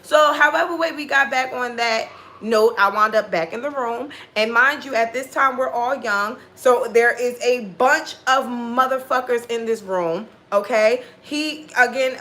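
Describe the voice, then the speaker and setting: A woman with a slightly high, bright voice speaks a little slowly and forcefully while telling a personal story in a casual monologue. She's blunt and swears heavily, acting out what people said.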